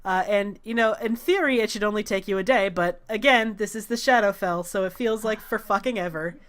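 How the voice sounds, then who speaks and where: A woman acts as game master for a tabletop game, narrating in a chatty way and laughing easily. Her voice is mid-range and slightly bright.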